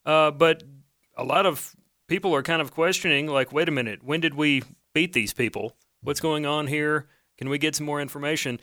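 A man's voice: a little high, moderate pace, pushed and bright, no room sound, clean studio sound. A man from Mississippi with a Southern accent, chatting casually as a talk radio co-host and relaying the news. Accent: Southern American. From Mississippi, USA.

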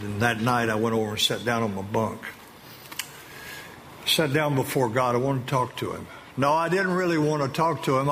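A man of middle pitch gives an earnest, emotional testimony, slowing down to stress his words and pausing as he searches for them. His voice rings with the long reverb of a large hall, over a faint wash of ambient noise. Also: a bit bright. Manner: earnest, halting, with slow emphatic phrases. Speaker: speaker giving a personal testimony to an audience.

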